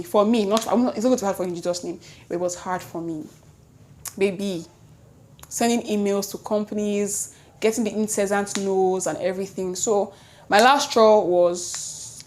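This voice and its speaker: Chatty young Nigerian woman vlogging. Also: medium pitch. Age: young adult. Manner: lively, chatty, quick self-corrections, Nigerian slang interjections. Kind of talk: casual storytelling to camera.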